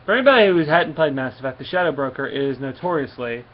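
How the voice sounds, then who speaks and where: Talking fast and expressively in a mid-range voice, a man casually rambles through a comic book review and its story, leaning on lots of fillers. There's a slight muffling and a faint hum under the audio.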